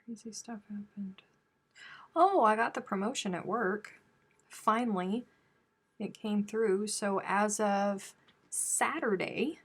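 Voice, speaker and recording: A woman from the American South with a Southern accent, hosting a casual live chat with viewers and telling chatty stories. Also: mid-range voice. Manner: chatty storytelling, animated when telling stories. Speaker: crochet live stream host.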